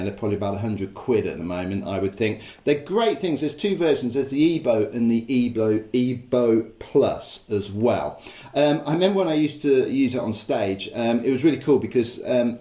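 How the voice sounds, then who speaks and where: A man's voice: mid-range voice, warm tone. Rambling man in an echoey room. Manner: rambling, hesitant with fillers. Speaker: presenter demonstrating guitar gear. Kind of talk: casual spoken demonstration.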